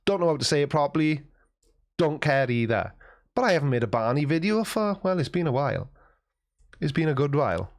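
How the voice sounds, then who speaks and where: A man's voice: on the high side, big pitch swings, a little fast. A man hosting a casual livestream, reading chat messages aloud and answering them with wry, self-mocking banter.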